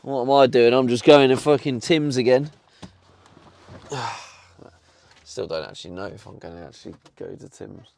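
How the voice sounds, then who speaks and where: A man's voice: mid-range voice, normal speed, gravelly, long pauses, darkish tone. A young man streaming live from his van, chatting casually and bantering with his viewers. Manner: chatty, swears, talks back to chat.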